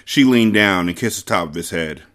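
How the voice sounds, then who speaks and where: Low-voiced man reading a novel aloud. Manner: measured, expressive narration.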